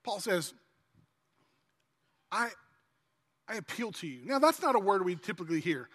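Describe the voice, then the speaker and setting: A man with a notably high voice delivers a sermon, shifting between scripture reading and relaxed, conversational asides to the congregation. His voice rings out with a long hall reverb, as in a big church sanctuary. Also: moderate pace. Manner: conversational preaching, acts out kids' pleading voices. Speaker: pastor.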